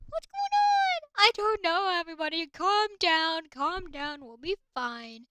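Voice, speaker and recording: Excitable high-voiced woman in a fan cartoon. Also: unhurried, very noisy. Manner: excitable, yelps and gasps. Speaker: fan cartoon creator voicing characters.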